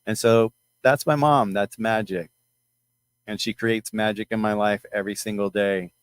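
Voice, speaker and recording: A middle-aged man with a fairly low voice shares a personal story with his viewers. He rambles and restarts often. The sound is dry and close. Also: fairly even intonation, smooth, no echo. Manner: rambling, halting, emotional retelling with many restarts. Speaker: channel host.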